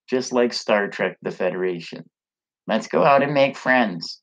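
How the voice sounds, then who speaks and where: A man's voice: mid-range voice, lively intonation, measured pace, creaky, muffled recording. A man ranting casually to camera as a vlogger, blunt, profane and rambling.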